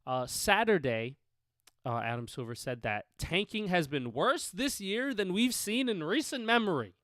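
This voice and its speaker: A man's voice: high voice, sing-song, moderate pace, a bit bright, no echo, studio quality. A man co-hosting a casual sports podcast, talking loosely with a lot of swearing. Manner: profane, loose, joking. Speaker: podcast co-host.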